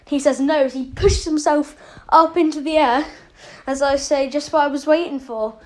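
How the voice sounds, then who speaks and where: Casual storyteller, woman with a high voice, loose and rambling, lots of fillers. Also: normal speed, a little mellow. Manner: rambling, with many fillers and self-corrections. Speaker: channel host.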